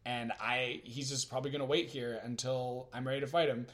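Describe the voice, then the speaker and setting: A man voicing a cool, calculating male wizard who speaks calmly and level-headedly. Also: mid-range voice, fairly quick, voice pushed down, natural voice.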